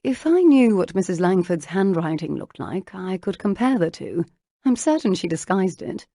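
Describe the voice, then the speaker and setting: A woman narrating an audiobook, voicing an earnest bookish young woman who speaks intently, a little hurried. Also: on the low side, very animated, mellow, dry recording.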